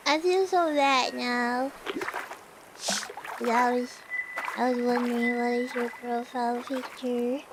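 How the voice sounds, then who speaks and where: A woman's voice: a little high, fairly even intonation, slow, long pauses, background noise. A young woman streamer with a lisp, chatting casually and breaking into dramatic outbursts.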